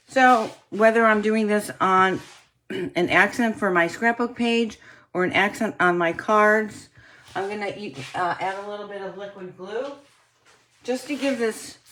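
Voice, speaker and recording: A woman casually demonstrating card-making techniques, chatting to viewers and often clearing her throat. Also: mid-range voice, a little slow, fairly bright tone. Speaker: craft demonstrator.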